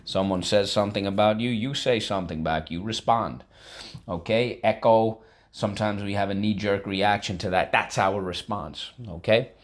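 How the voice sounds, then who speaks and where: A man's voice: lowish voice, normal speed. A male teacher leading a classroom vocabulary lesson, breaking words into syllables and having students repeat them, with casual asides and frequent okays.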